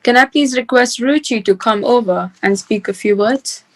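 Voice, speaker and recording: A woman's voice: on the high side, poor audio. A woman politely hosting an online meeting and calling on speakers. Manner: polite, quick. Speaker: event host. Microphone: video call.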